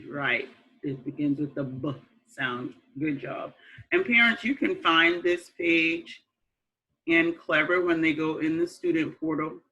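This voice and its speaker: A woman teaching young children a phonics lesson, slow and patient, repeating words and praising them. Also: deep voice, pushed and bright, muffled recording. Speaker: kindergarten teacher.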